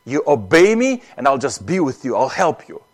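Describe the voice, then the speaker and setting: A man's voice: medium pitch, very animated, normal speed. A man voicing God, speaking in raised, emphatic promises. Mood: assuring. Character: commanding divine voice, confident and reassuring.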